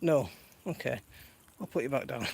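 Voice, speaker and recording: A man's voice: mid-range voice, animated, normal speed, vocal fry, darkish tone, husky, no room sound. A man in his thirties chatting casually on a live stream from his garden while minding his toddler, laughing often and reading viewer comments aloud. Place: outdoors in a garden.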